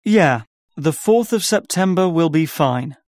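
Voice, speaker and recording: A man's voice: on the high side, lively intonation, measured pace, a little mellow, no echo, clean studio sound. A man as an organizer in a scripted listening-test dialogue, repeating details back carefully. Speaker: workshop organizer.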